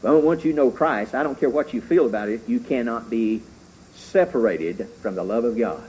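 A middle-aged man preaching a sermon as pastor, fervent and rising loud when he reads scripture. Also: medium pitch, normal speed, husky, poor audio.

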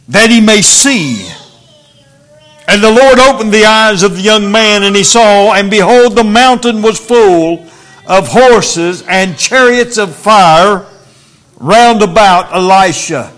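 A man preaching in a church, reading scripture aloud slowly and then speaking earnestly to the congregation. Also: high-pitched, a bit bright. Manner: slow, deliberate King James reading, then earnest preaching.

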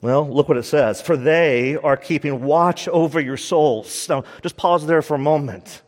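A man's voice: on the high side, unhurried, big-room sound. A man preaching a sermon as pastor, emphatic and repeating his key lines for stress.

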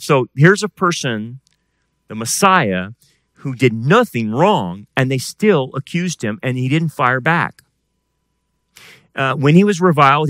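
A man, a pastor, preaching a sermon and swinging between loud emphatic bursts and quiet, intense passages. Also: medium pitch, no echo.

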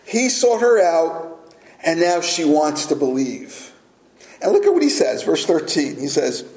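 A middle-aged man preaching a sermon as pastor, earnest and deliberate, with filler words. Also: a little high, sing-song, darkish tone. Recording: echoey room.

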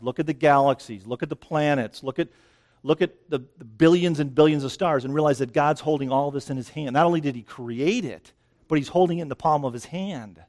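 A man with a fairly high pitch and darkish tone gives an outdoor sermon beside dense greenery. Slightly winded, he keeps it conversational, checking in with listeners through repeated "right?".

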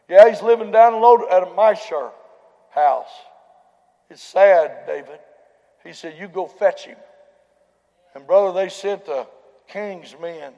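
A male preacher giving an impassioned revival sermon, swinging from loud shouts down to soft pleading. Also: high-pitched, big-room sound, highs cut off.

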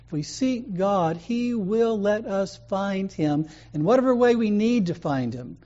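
Male pastor with a mellow voice, telling stories from the pulpit, muffled lo-fi capture. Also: sits high, animated, unhurried. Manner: conversational storytelling preaching. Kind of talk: sermon.

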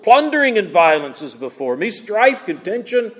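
A man acts out an anguished ancient prophet crying out to God, his pleas pushed up high and strained. The voice rings with a long hall reverb. It is raised and pleading throughout. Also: big pitch swings, normal speed, fairly bright tone, exaggerated voice.

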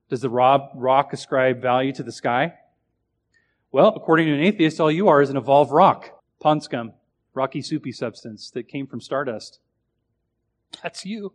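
A man delivers a sermon in a mid-range voice, chatty rather than formal. He keeps turning questions on his listeners and swings from forceful emphasis to quiet asides. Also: mid-range voice, moderate pace. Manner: conversational, asks the audience questions; animated, swings from loud to quiet. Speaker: preacher.

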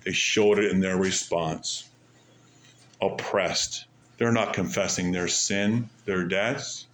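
A man preaching a sermon, asking rhetorical questions and stressing points with pauses and sudden drops in volume. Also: low voice, fairly even intonation, fairly bright tone, slight background noise. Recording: echoey room.

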